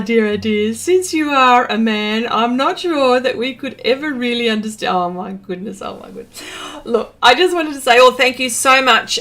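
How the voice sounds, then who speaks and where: Woman artist, livestream host; unhurried, rambling, giggly; slightly high voice. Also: fairly bright tone. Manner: chatty, rambling, laughs often, self-correcting. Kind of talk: casual livestream chat, reading out chat messages.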